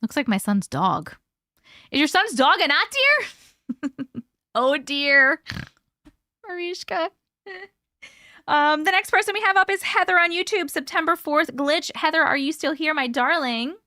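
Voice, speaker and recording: Woman host, high voice, bright tone, chatty, swears a lot, dry close sound. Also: lively intonation, unhurried, pauses often, dry recording. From part Italian heritage, American. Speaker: host reading viewer stories. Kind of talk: casual live-stream chat.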